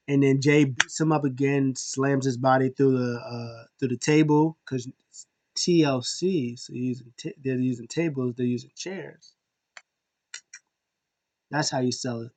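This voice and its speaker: A man casually recapping a wrestling show, animated and acting out the wrestlers' lines in quick impressions. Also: fairly high pitch.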